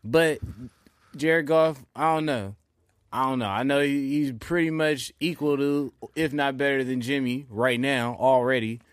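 This is a man hosting a laid-back sports podcast, talking in loose, profane slang. His voice sits at an ordinary pitch and sounds dry and close, with no room around it. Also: fairly even intonation, a little slow, clean tone, no echo. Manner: slangy, profane, keeps asking "you feel me". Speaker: podcast host. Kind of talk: casual sports chat.

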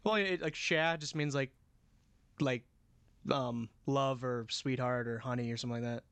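A man co-hosting a podcast, chatty and casual with quick asides. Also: mid-range voice, fairly even intonation, smooth, dry recording. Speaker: podcast co-host. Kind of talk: casual chat.

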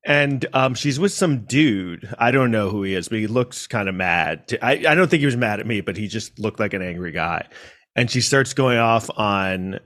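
A man's voice: fairly low pitch, expressive, moderate pace, fairly bright tone. A man from New York City telling a personal story in a casual monologue, rambling with restarts and asides.

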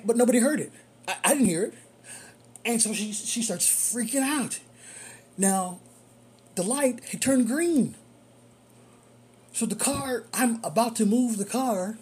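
A rideshare driver telling a story in casual monologue, animated and repeating phrases for emphasis. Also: medium pitch, slightly rough.

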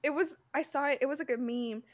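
A woman's voice: high-pitched, fast. A young woman co-hosting a podcast, rambling in casual chat and laughing often. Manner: rambling, laughs a lot, says "dude". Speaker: podcast co-host.

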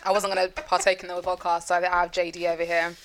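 A woman's voice: lowish voice, completely flat delivery, fast talker, heavy background noise. A woman co-hosting a podcast, chatting and teasing, then telling a true-crime story. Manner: chatty, teasing, swears casually. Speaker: podcast co-host.

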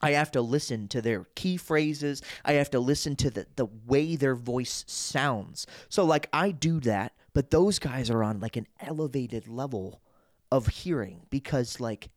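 A young man talking casually as a guest on a podcast, animated and full of quoted bits. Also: mid-range voice, unhurried, dry recording, studio quality. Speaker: guest impressionist and comedian.

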